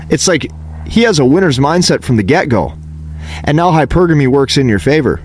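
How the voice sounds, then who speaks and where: A man's voice: medium pitch, big pitch swings, fast talker, a little hiss or hum. A man giving a motivational dating-advice monologue, emphatic and repetitive, lecturing the listener.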